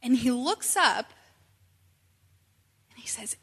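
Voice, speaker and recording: A woman in her thirties telling a personal story in an animated, conversational way, with many asides. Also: a little high, normal speed. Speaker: speaker sharing a personal testimony. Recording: long reverb from a hall.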